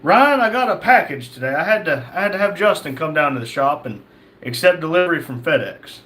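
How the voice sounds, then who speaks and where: A man hosting a live stream, reading viewers' chat messages aloud and answering them in a relaxed, chatty way. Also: a little high, a little fast. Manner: reads chat names aloud, chatty and easygoing. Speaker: livestream host reading chat.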